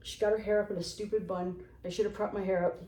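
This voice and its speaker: A woman's voice: mid-range voice, fast talker. Sarcastic woman telling a story in a roomy room. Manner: animated, sarcastic, acts out quotes. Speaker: vlogger. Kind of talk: casual storytelling. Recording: roomy echo.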